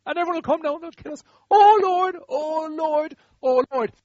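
A man's voice: very high voice, normal speed, a little mellow, no room sound, pitched above the performer's own voice. A preacher voicing a despairing grown man who wails a repetitive lament to God, with a dull lo-fi sound. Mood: wailing.

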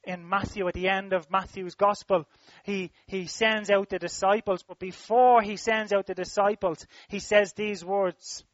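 A high-pitched man delivers a sermon in a repetitive, emphatic rhythm, swelling and then dropping his voice. The recording is dry and a little dull, with no room sound. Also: little pitch movement, unhurried, dry recording. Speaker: preacher.

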